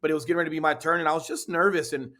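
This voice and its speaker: A man's voice: fairly high pitch, fairly even intonation, rapid-fire, bright, forceful tone. A man in a casual interview, earnestly telling his story with lots of "you know" and "right?". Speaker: podcast guest, real estate team leader.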